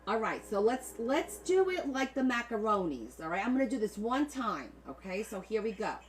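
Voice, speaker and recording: A woman's voice: on the high side, normal speed, a little hiss or hum, poor audio. A woman with a New Jersey accent, hosting a casual livestream and joking with her viewers. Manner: animated and joking, chatting with viewers. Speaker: livestream host.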